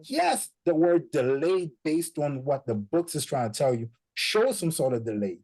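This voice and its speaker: A guest talks casually at a normal speed in a fairly high voice, moving between languages. He tells stories in an animated way, acting out what parents and children say. The recording is low quality.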